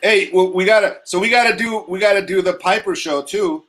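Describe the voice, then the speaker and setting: A man's voice: high-pitched, fairly quick, a bit bright, a little hiss or hum, poor audio. A man co-hosting a casual livestream chat, telling loose, joking stories. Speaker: livestream co-host.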